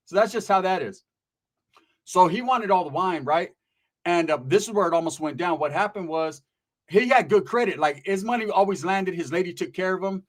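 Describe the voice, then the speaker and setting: A man's voice: sits high, lively intonation, moderate pace. A man hosting a channel, telling casual stories about prison life in blunt, profane street slang and checking in often with "right?". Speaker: channel host and storyteller.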